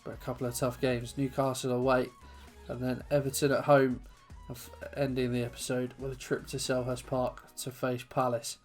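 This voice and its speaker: A man's voice: medium pitch, completely flat delivery, moderate pace, hardly any pauses, soft background music. A young man commentating his own football video game match as a channel host, then recapping the standings and signing off while out of breath.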